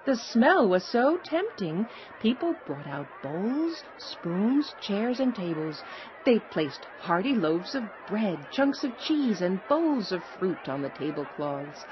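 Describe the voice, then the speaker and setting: Female storybook narrator, slow and lively in pitch, on a slightly dull recording. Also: a faint crowd, a little hiss or hum. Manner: expressive, unhurried storytelling.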